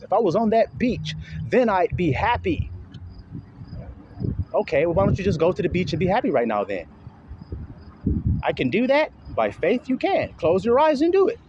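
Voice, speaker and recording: A man preaching in a casual, slangy street style, switching between loud and hushed delivery and acting out the voices of his listeners. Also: a little high, very animated, brisk, noisy background. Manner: casual slangy talk with swearing.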